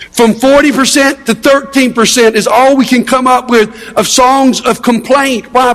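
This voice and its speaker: A man's voice: very high voice, fairly bright tone. A man preaching a sermon in a church, earnest and emphatic, asking rhetorical questions and often restarting his sentences. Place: church sanctuary. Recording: long hall reverb.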